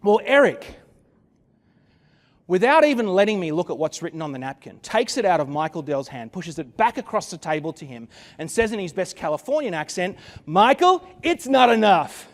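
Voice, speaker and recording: A man's voice: high-pitched, very animated, brisk, big-room sound. A man giving a conference keynote, telling a story dramatically with wry asides into a stage microphone. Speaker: keynote speaker. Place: conference venue.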